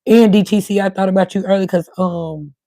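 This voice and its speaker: A middle-aged woman chats loosely with her livestream viewers, wandering from one thing to the next. Her voice is warm and relaxed and keeps cutting in and out. The sound is dry and close. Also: mid-range voice, fairly quick, dry recording. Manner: rambling, talks to viewers in chat. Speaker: livestream host. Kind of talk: casual livestream chat.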